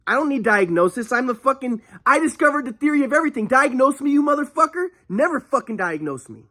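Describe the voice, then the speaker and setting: Recorded in an echoey room, a vlogger talks fast with few pauses in a very high, sing-song, sharp-toned voice. His personal story comes out agitated and profane, full of repetitions and restarts.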